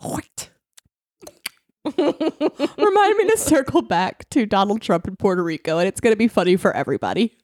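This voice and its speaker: A woman's voice: mid-range voice, sing-song, moderate pace, pauses often, a little mellow, no room sound. A woman co-hosting a podcast in casual chat, rambling and laughing often into a studio mic. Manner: giggly, rambling, lots of laughter. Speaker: podcast co-host.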